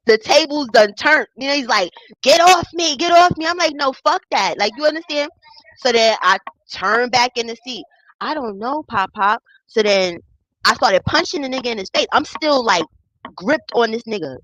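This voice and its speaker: Animated young woman telling a wild story. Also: on the high side, no echo, highs cut off. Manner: animated, acts out quoted voices, profane. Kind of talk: casual storytime vlog.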